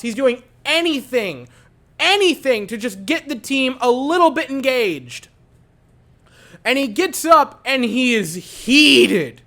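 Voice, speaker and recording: A man giving an animated post-game reaction to a hockey game, repeating his points for emphasis. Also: extremely high pitch. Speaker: hockey fan commentator.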